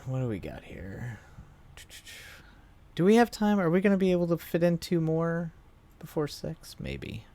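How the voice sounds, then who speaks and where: A man's voice: a little high, animated, moderate pace, pauses often, dark tone, dry recording. A man hosting a livestream, chatting loosely with viewers, rambling with lots of fillers and frequent laughs. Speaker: livestream host. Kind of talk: casual chat reading viewer comments.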